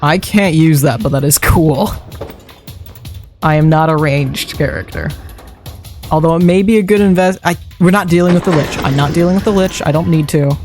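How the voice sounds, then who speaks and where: A man's voice: on the high side, darkish tone. Chatty man streaming a game. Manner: chatty, muttering thoughts aloud while playing. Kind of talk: live game-stream commentary. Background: faint background music.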